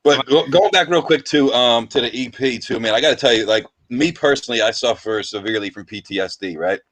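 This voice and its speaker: A man's voice: mid-range voice, a little fast, fairly bright tone, dry recording, rough recording. A man hosting a podcast, talking in an earnest, laid-back way and often saying "man" and "dude.". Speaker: podcast host. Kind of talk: casual podcast chat.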